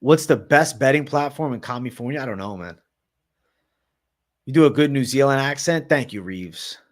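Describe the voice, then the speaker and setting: A man's voice: medium pitch, lively intonation, normal speed. A man hosting a livestream, casually answering chat with slang and frequent swearing. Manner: profane, slangy, reads and answers chat comments.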